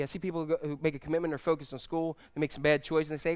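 A man's voice: a little high, level tone, rapid-fire, no echo, clean studio sound. A middle-aged man preaching a sermon, telling family stories in a conversational way and asking the audience questions. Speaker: pastor.

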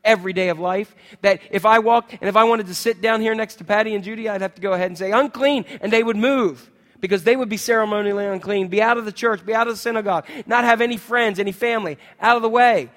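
A man preaching a sermon in a church, conversational and animated, full of rhetorical questions to the congregation. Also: sits high, fast, in a large hall. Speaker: pastor. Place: church sanctuary.

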